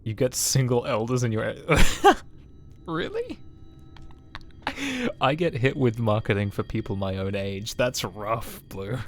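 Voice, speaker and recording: A man's voice: mid-range voice, lively intonation, a little slow, a little hiss or hum. A man in his twenties streaming a game, chatting casually and joking with his chat in a self-mocking way. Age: 20s. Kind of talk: casual live-stream chat while playing.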